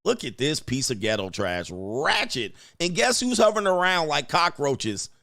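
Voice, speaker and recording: A man's voice: fairly high pitch, sing-song, normal speed, gravelly, a bit bright. Profane laughing male commentary host. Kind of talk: crude casual commentary.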